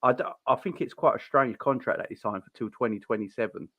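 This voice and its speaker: A man's voice: medium pitch, quick pace, dry recording, highs cut off. A man co-hosting a wrestling review show, giving incredulous opinions. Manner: opinionated, incredulous, swoops up when exasperated. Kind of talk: casual chat.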